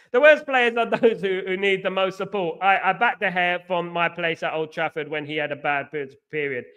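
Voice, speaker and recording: High-voiced chatty London man. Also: moderate pace, bright, forceful tone. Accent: London English. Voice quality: chatty, rambling, keeps saying "you know what I mean". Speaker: host. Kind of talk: casual livestream chat.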